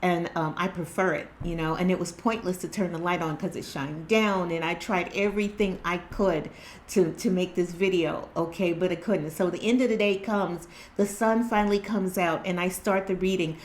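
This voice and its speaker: A woman's voice: fairly low pitch, fairly even intonation, moderate pace, a little hiss or hum. Woman doing a tarot reading vlog at home, earnest chatty rambling, lots of um and restarts. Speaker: spiritual tarot reader and channel host. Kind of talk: casual spiritual vlog chat. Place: indoors at home by natural light.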